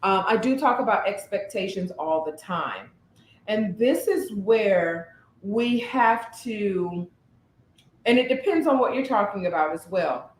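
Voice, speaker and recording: A woman co-hosting a podcast, speaking at an ordinary middle pitch. She talks like the therapist she is, animated and thoughtful, and now and then pauses to find the right word. The room around her is roomy and echoey. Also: slight background noise. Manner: animated, thoughtful, searches for words. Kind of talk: casual conversational podcast. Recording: roomy echo.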